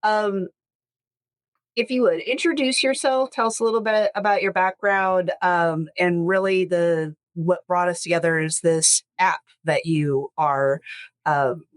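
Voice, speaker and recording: A woman's voice: on the low side, fairly even intonation, a little slow, no room sound, studio quality. A woman hosting a casual podcast, rambling with self-corrections and jokes. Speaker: podcast host, estate lawyer.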